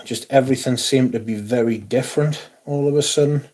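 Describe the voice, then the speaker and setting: A man's voice: medium pitch, brisk, a little mellow. A man hosting a casual livestream, sweary and grumbling about technical trouble before greeting his viewers. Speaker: livestream host.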